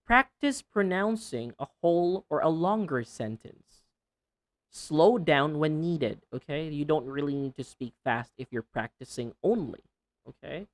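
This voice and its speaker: A man teaching English pronunciation in a casual video lesson, repeating sounds slowly and with exaggerated care, with chatty asides. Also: on the high side, animated. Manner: slow, over-articulated modelling of sounds, chatty asides. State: sweating under a panda hoodie hat.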